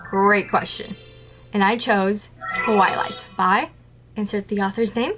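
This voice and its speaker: A woman's voice: mid-range voice, fairly even intonation, normal speed. A woman talking casually to camera in a playful, self-amused way, asking and answering her own questions. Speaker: content creator. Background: music playing.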